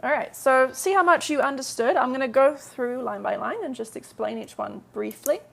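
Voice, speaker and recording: A woman teaching Korean in a live-streamed lesson, chatty, explaining step by step and slowing down to model translations. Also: sits high, gravelly, a bit bright.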